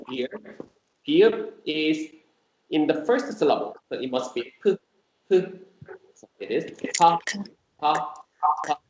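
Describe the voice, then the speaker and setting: Slow, patient man teaching Korean. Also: fairly high pitch, lo-fi sound. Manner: slow, patient explaining with repeated example sounds. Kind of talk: online language lesson. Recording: echoey room with faint noise.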